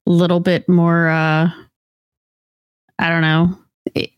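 A woman chatting casually on a podcast in a relaxed, offhand way. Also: fairly low pitch, slow, smooth, no echo, dull audio. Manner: relaxed, offhand, lots of likes. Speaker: podcast co-host. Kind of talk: casual chat.

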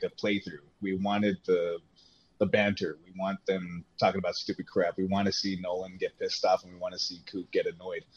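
A man talks casually as a podcast guest, with a lowish voice that often trips over its first words before he gets going. His mic sounds dull and lo-fi, muffling the top end. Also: darkish tone, breathy edge. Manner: stammering restarts, laughs into his own stories. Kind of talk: casual chat.

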